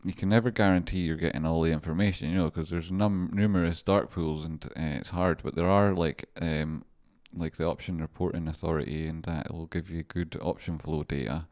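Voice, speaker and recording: Brief: male streamer and trader with a low voice, loose and chatty, swears freely, laughs a lot between points. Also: steady tone, fairly quick, few pauses, darkish tone. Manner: rambling, swearing, laughs often. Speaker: livestream stock trader. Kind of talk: casual livestream commentary.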